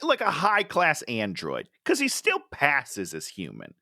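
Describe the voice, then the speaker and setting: A woman's voice: low voice, huge pitch swings, a little slow, bright, forceful tone, dry recording, clean studio sound. A woman co-hosting a podcast, reacting emphatically in casual movie review chat. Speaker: podcast co-host.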